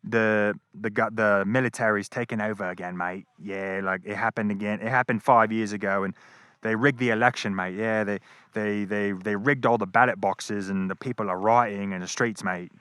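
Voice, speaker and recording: A man's voice: on the low side, fairly even intonation, moderate pace, fairly bright tone, clean tone, dry recording, natural voice. A man putting on a laid-back Aussie traveler. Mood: matter-of-fact. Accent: put-on Australian. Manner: casual, repeats "mate". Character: chatty Australian male traveler, laid-back gossip.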